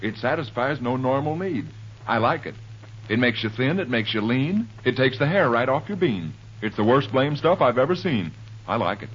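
A man's voice: mid-range voice, animated, normal speed, husky. An actor playing a cocky, wisecracking grown man in an old radio comedy, with a cheeky, mocking delivery. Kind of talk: 1930s radio comedy acting. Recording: muffled old radio recording with faint hiss.

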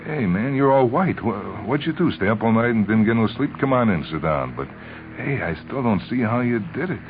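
A man voicing a brash, excitable male bike shop partner who blusters loudly, on a tinny old radio recording. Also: fairly low pitch, moderate pace, slight background noise, voice pushed up, natural voice. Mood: amazed. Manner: loud, eager, blustering.

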